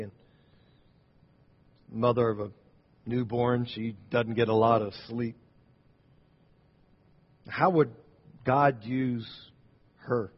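A man preaching a sermon, telling a story as he builds to loud points and drops to quiet ones. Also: mid-range voice. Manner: storytelling, rising and falling in volume. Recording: dull sound in a reverberant hall.

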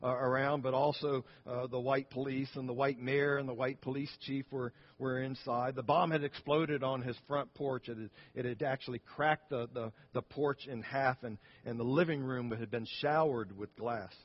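A man's voice: medium pitch, fairly even intonation, moderate pace, few pauses, dull audio. A man pastor preaching a sermon, telling a story earnestly and often restarting his phrases.

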